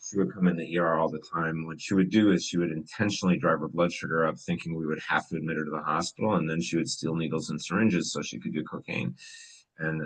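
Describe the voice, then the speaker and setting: A middle-aged man, an emergency physician, talking casually with students and telling stories in a relaxed, conversational way with many fillers. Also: very deep voice, rough recording. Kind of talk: casual storytelling talk.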